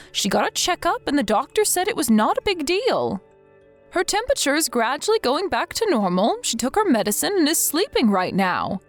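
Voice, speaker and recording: A woman voicing a pleading, worn-out young mother. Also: on the high side. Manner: pleading, apologetic. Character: exhausted desperate young mother. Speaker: daughter-in-law. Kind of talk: text-message story read aloud. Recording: soft music behind.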